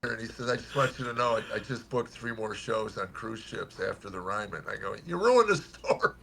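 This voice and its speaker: Gravelly deep-voiced man in his seventies. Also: brisk, slight background noise. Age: 70s. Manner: animated storyteller, jumps high for quoted voices; drops quiet and earnest when serious. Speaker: comedian guest. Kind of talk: storytelling radio interview.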